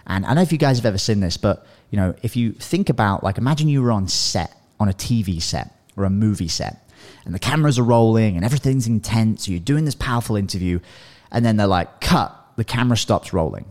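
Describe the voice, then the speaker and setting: A man hosting a podcast, giving casual coaching advice in an animated way and often checking in with "right?" and "you know". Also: fairly low pitch, quick pace. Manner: animated, acts out sample dialogues, frequent "you know" and "right?". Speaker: podcast host and business coach.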